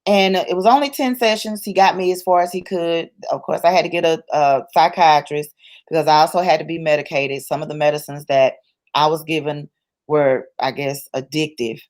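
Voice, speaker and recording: Low-pitched and a little mellow, a woman speaks a little fast with fairly even intonation. As an interview guest she gives a personal testimony in colloquial, church-rooted terms, emphatic and repetitive while building her points.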